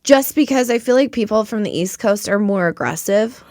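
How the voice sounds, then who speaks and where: A woman's voice: medium pitch, animated, moderate pace, a little mellow, no echo, clean studio sound. A young woman from Reno co-hosting a podcast in casual chat, blunt and profane, slipping into mimicked accents. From Reno, Nevada. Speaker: podcast co-host.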